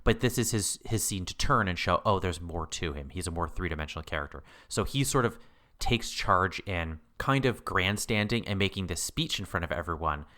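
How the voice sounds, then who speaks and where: A man with a low-pitched voice co-hosts a podcast, chatting casually about a TV episode. He talks in quick, animated bursts and laughs often. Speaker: podcast co-host. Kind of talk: casual chat about a TV show.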